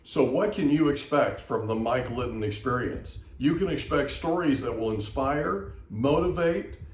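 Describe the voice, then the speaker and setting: A male podcast host with a middle-pitched voice reads an upbeat intro. He sounds a step back from the mic, and a roomy echo hangs around his words. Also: animated, measured pace, recorded from a distance, slight background noise. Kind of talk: scripted show intro and interview listening.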